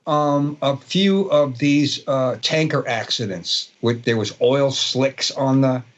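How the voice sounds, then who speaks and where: Medium-pitched and slow, a sixties-aged guest guitarist from Brooklyn, New York, tells rambling stories in his Brooklyn accent during a casual interview. He fills his speech with fillers and restarts. The recording has its highs cut off.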